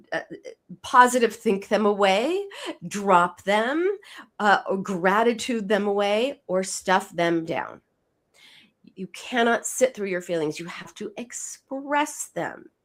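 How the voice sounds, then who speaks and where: Emphatic woman psychoanalyst, interview guest. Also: mid-range voice. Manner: emphatic, restarts words when excited. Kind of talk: interview explanation.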